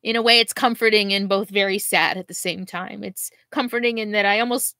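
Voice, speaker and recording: Middle-aged woman vlogger, bright and dry, choked-up live chat answering comments. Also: mid-range voice, steady tone, dry recording. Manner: emotional, halting, laughs through grief. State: near tears at times.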